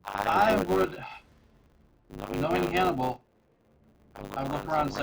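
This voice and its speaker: A man's voice: fairly high pitch, lively intonation, unhurried, gravelly, slight background noise, low-quality recording. A man playing in a tabletop game, unsure and asking questions. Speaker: player.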